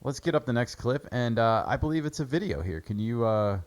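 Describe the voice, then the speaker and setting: A man's voice: mid-range voice, expressive, a little fast. A man hosting a casual sports show, breaking down football draft picks in a chatty way with lots of fillers. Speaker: sports podcast host.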